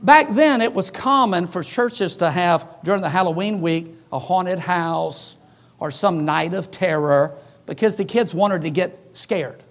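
A man's voice: high-pitched, a little slow. A man preaching as a pastor, telling personal stories and acting out the voices of the people in them. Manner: animated, acts out quoted voices. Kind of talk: sermon storytelling.

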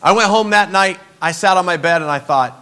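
High, bright-voiced preaching man. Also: a little fast. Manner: storytelling, emphatic, swings between soft and loud. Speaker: pastor. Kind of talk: sermon.

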